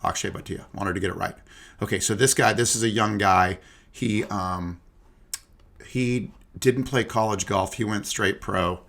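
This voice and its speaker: Casual male podcast host, young adult, low gravelly voice, rambling chatty delivery. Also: fairly bright tone. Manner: loose, chatty, lots of fillers and asides. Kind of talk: casual golf podcast chat.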